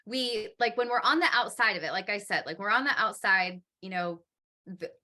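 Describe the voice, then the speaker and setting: A woman podcast host chatting casually, rambling and animated, often laughing as she talks. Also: medium pitch, moderate pace.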